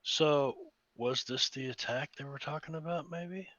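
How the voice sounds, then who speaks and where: Man player in a tabletop game, easygoing, bright voice, slightly muffled chat audio. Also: fairly high pitch, unhurried, no echo. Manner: casual, easygoing banter.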